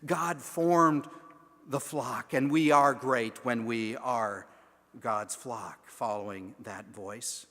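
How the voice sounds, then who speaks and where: A man preaching a sermon, moving from hushed, almost whispered lines to loud emphatic declarations. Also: mid-range voice, slow. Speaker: pastor. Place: large church sanctuary. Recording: long echo of a large church sanctuary.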